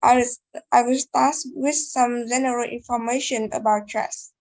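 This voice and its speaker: A woman's voice: fairly high pitch, fairly even intonation, a little slow, a little mellow, dry recording, rough recording. A young woman giving a class presentation, reading carefully with hesitations and restarts. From Vietnam. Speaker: student presenter. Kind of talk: class presentation on word stress.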